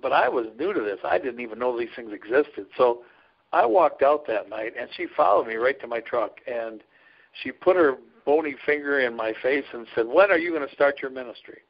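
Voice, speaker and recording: This trucker chaplain and ministry leader has a gravelly, animated, medium-pitched voice at normal speed. In a casual interview he tells folksy, earnest stories and laughs often, on a dull lo-fi recording.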